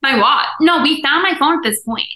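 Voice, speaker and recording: Bright-voiced young woman in a roomy space. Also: sits high, expressive, brisk. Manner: laughs often, chiming in. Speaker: podcast co-host. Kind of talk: casual storytelling chat.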